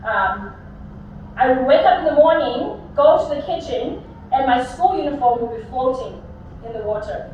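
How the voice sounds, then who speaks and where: A woman's voice: sits high, darkish tone, slight background noise. Young woman in a big echoey hall. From South Africa. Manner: humorous anecdotal storytelling. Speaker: commencement speaker. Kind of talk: commencement speech storytelling. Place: large graduation venue. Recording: echoey hall, distant mic, dull sound.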